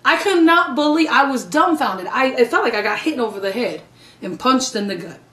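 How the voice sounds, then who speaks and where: A middle-aged woman evangelist giving an emotional testimony sermon, her telling swinging from loud to hushed. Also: high-pitched, animated, normal speed, far from the mic. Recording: echoey room.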